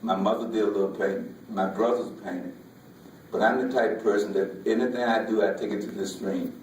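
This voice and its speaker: A man, a folk artist, giving an emotional personal talk in a halting way, often repeating words, with Southern vernacular. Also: fairly low pitch, fairly even intonation, slight background noise. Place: museum lecture hall. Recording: echoey hall, voice from far off.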